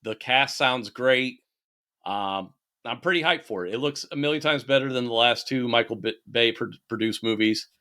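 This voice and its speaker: Bright-voiced man ranting in casual chat. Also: mid-range voice, moderate pace. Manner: animated, swears freely, ranting. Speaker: podcast co-host.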